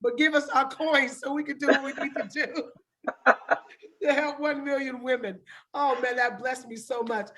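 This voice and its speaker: A woman hosting an interview, excitable and quick to laugh, rallying her viewers. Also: sits high. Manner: excitable, laughs often, keeps saying "listen". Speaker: host.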